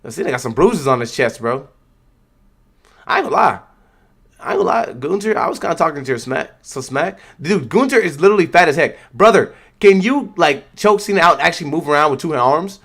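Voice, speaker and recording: A man's voice: fairly high pitch, lively intonation, brisk, fairly bright tone. A man hosting a livestream, giving slangy, loose live reaction commentary and talking back at the screen. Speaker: livestream host.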